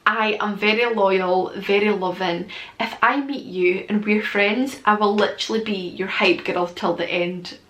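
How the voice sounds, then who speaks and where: A woman's voice: medium pitch, steady tone, a little slow, a bit bright. A young woman chatting candidly and emotionally in a casual Q&A vlog, swearing now and then. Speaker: vlogger. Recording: echoey room with faint noise.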